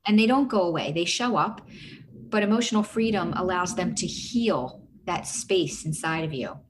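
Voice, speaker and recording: A middle-aged woman coach with a slightly low voice talks earnestly. She walks through each step by asking herself a run of questions. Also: normal speed, background noise. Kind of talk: casual advice talk.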